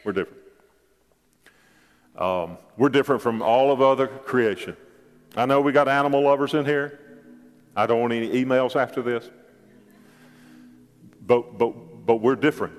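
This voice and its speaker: An older man preaching a sermon as pastor, animated and joking, often repeating his words and leaping up in pitch for asides. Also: normal speed, long pauses, in a large hall.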